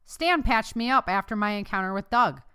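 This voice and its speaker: A woman reading as a tough, feisty mother who answers back with quick retorts. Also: medium pitch, expressive, pushed and bright, clean tone, dry recording, studio quality.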